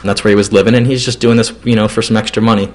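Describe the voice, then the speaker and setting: A man's voice: on the low side, level tone, racing. A man telling a personal story in a loose, casual way, with many fillers and restarts.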